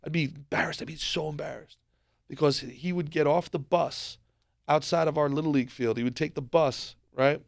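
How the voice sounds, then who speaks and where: A man from New Jersey co-hosting a podcast, telling stories in an animated, profane way and acting out quotes. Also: on the high side, normal speed, vocal fry, dry recording, clean studio sound. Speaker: podcast co-host. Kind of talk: casual podcast chat.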